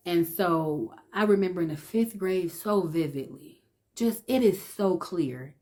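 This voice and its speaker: Woman with a low voice telling her testimony, emotional, lots of restarts, goes hushed sometimes. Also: lively intonation, unhurried. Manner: emotional, conversational, many restarts; drops to a hush when reliving fear. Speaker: vlogger sharing her testimony. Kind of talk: personal testimony storytelling.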